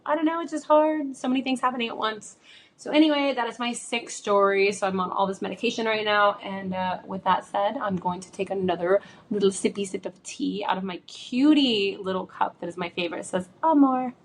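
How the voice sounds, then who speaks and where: A woman's voice: mid-range voice, a little hiss or hum. A woman who is sick, hosting a casual solo podcast from home into a microphone, chatty and rambling with many fillers. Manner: chatty, rambling, lots of likes and ums. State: sick with a chesty cough. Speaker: podcast host. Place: home room. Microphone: studio microphone.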